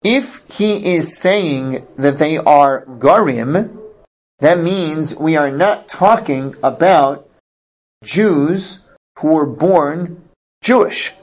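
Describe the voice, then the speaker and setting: A man's voice: on the high side, drawn-out words. A man teaching a verse-by-verse scripture class, reading Hebrew phrases aloud and translating them with emphatic explanations. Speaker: Bible teacher.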